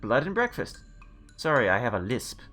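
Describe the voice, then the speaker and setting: A man putting on a creepy backwoods innkeeper from a video game, grinning and lisping, with a voice pitched higher than his own. He talks slowly and overly cheerfully, stressing words oddly and swinging the pitch up and down. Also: big pitch swings, fairly bright tone, faint music behind. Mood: cheery. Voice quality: lisping, odd word stress. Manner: slow, overly cheerful and polite. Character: creepy grinning male innkeeper-butcher with a lisp. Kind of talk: video game dialogue reading.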